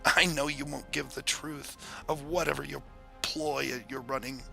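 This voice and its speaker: A man's voice: medium pitch, little pitch movement, unhurried, creaky, sharp tone, soft background music, heavily acted. A man voicing a touchy, skeptical male fae mage who speaks with dry sarcasm.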